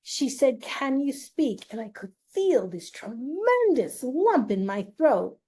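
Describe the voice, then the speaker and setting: A middle-aged woman hosting her own show, slowly and earnestly telling a personal story in a confiding way. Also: fairly high pitch, big pitch swings, mellow, breathy edge. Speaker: host.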